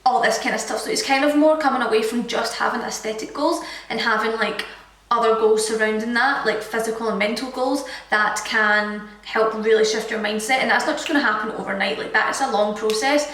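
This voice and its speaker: A woman's voice: on the high side, fairly even intonation, fairly quick, fairly bright tone, distant mic. A young Scottish woman in her twenties, a fitness vlogger chatting casually through a Q&A with lots of filler words. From Scotland. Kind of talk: casual Q&A chat. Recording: echoey room, voice from the mic.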